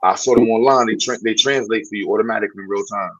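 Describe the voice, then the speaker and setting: A man in a casual podcast chat, blunt and excitable, full of slang. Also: on the low side, very fast, no room sound, dull audio.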